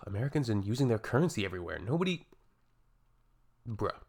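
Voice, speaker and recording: A man's voice: fairly low pitch, sing-song, fairly quick, vocal fry, husky. A Canadian man hosting a reaction video, commenting in a sarcastic, wry way.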